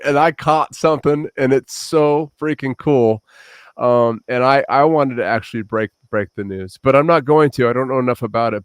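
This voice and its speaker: A man's voice: mid-range voice, clear, resonant tone, no room sound. A man hosting a casual podcast, teasing and joking with his guest. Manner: playful, teasing, excitable. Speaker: podcast host.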